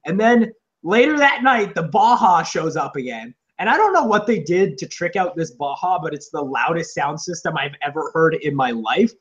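A man's voice: fairly high pitch, very animated, normal speed, hardly any pauses, muffled recording. Rambling profane man telling a story. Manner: rambling, profane, acts out shouted quotes. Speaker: podcast co-host. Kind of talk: casual comedic chat. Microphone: on camera, seated.

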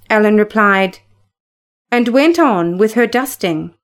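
A woman reading a story aloud in a clear, measured narrating voice. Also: medium pitch, animated. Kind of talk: audiobook narration.

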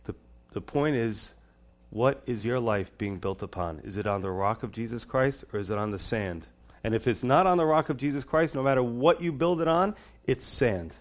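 A man preaching a sermon as a pastor. His delivery swings between raised, emphatic lines and soft, low-pitched asides. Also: moderate pace.

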